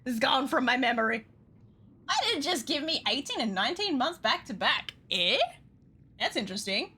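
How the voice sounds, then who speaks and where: A young woman streaming casually, excitable and laughing often, swearing freely as she chats with viewers. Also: on the high side, normal speed, slightly rough. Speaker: VTuber streamer. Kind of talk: casual live-stream chat.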